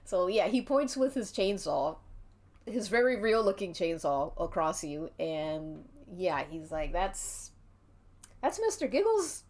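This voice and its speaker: A woman's voice: fairly low pitch, unhurried, darkish tone. A woman narrating a tabletop-style role-play game as game master, chatty and giggly.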